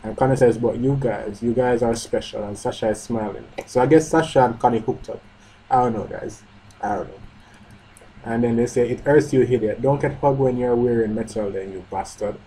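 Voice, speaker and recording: A man with a husky, dark voice reads manga panels aloud in a live reaction. He moves between reading the lines and cutting in with blunt, sweary remarks of his own. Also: mid-range voice, a little fast, low-quality recording. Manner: reads panels aloud, breaks off to comment, swears and shouts in outrage.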